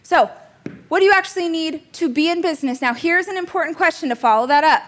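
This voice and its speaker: A woman's voice: very high voice, fast, fairly bright tone. A woman in her thirties teaching a business coaching class in a chatty, joking way, laughing at herself now and then. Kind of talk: casual coaching class talk.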